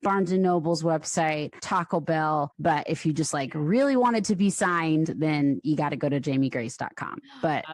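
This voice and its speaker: A woman's voice: sits low, normal speed, few pauses, dry recording. A woman in her thirties, a songwriter and author guesting on a podcast, telling stories animatedly with laughs. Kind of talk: casual interview chat.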